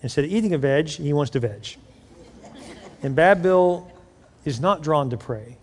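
A man preaching a sermon as pastor, animated and joking, acting out the voices he quotes. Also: fairly high pitch, a little slow. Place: church. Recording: long reverb of a church hall.

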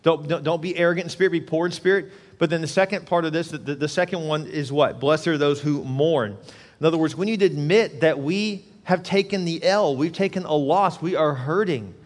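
Preaching man with a high voice. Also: brisk, big-room sound. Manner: earnest, repetitive preaching with acted-out quotes. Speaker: pastor. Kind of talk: sermon.

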